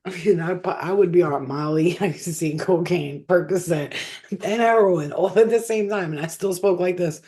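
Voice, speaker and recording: A woman's voice: on the low side, animated, moderate pace, warm tone. A woman hosting a casual livestream as a spiritual healer, rambling, swearing freely and laughing often.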